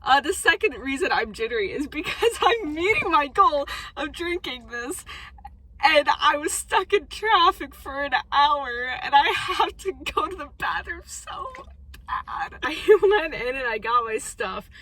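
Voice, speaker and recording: A young Minnesota woman vlogs about her day in a high, lively voice that's a little slow and sharp in tone. She's chatty and joking, making fun of herself as she goes.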